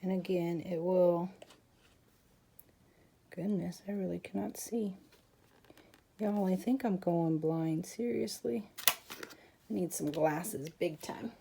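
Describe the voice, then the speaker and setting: A woman hosting a crafting channel chats casually with viewers as she works through a tutorial. Her fairly low voice is gravelly and mellow, slow with long pauses. There's a little hiss or hum in the recording.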